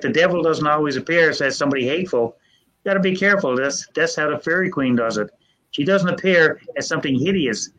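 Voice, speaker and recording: An older man, telling family ghost stories in a folksy, earnest way with halting restarts. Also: fairly high pitch, a bit bright. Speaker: storyteller guest. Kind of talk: casual storytelling. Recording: dull lo-fi sound.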